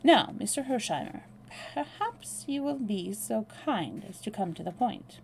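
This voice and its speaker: A woman reading aloud, voicing a cowardly, scheming Russian man who turns shrill when threatened. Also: big pitch swings, a little slow, vocal fry, slight background noise. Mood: smooth, formal. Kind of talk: read-aloud novel dialogue.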